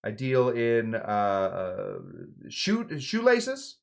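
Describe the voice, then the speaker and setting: A man's voice: medium pitch, huge pitch swings, very slow, vocal fry. A man hosting a live cocktail show, walking through a recipe with playful, rambling jokes and mumbled asides. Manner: playful, rambling, swings between loud emphasis and mumbled asides. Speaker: home bartender host. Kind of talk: jokey live cocktail demo.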